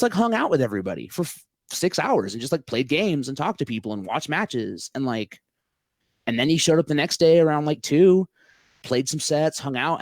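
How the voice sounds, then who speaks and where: A man's voice: a little high, darkish tone, no echo, clean studio sound. A man telling a long story in a casual podcast chat, rambling with lots of filler words and swearing freely. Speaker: podcast guest, local event organizer.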